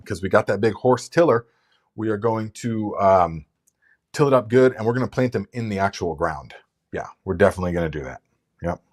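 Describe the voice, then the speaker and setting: A man's voice: on the low side, darkish tone. A man hosting a casual live gardening Q&A, chatty and rambling, with lots of fillers and restarts. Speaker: gardening channel host.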